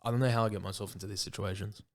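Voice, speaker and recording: A man's voice: lowish voice, fairly even intonation, rapid-fire. A young Australian man co-hosting a podcast, telling a long rambling anecdote in a casual chat and saying "bro" often. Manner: rambling anecdote, peppered with "bro" and acted-out quotes. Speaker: podcast co-host.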